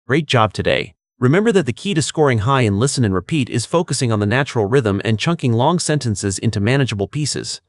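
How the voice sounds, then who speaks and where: A man's voice: medium pitch, expressive, no echo. Man coaching test prep in a dry, close voice. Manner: clear, measured coaching delivery. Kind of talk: scripted instructional narration.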